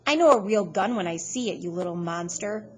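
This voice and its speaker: A woman's voice: medium pitch, moderate pace, a little hiss or hum, lightly acted. Woman reading a cruel, menacing man. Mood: contemptuous. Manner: threatening, contemptuous.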